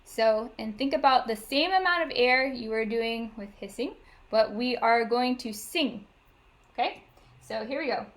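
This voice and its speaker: A choir director leading vocal warm-ups over a video call, coaching step by step with frequent cues to get ready. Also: female voice, on the high side, a little slow, slight background noise. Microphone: video call microphone. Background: piano she plays for the exercises.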